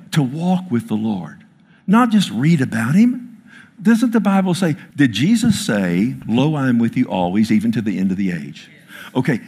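A man's voice: mid-range voice, a little mellow, husky. A man preaching a sermon to a congregation from a stage, emphatic, quoting scripture and calling out for amens. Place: church before a congregation.

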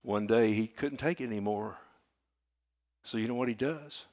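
An older man, preaching a sermon in a folksy storytelling way that swings from hushed to loud. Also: on the low side, normal speed. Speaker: pastor.

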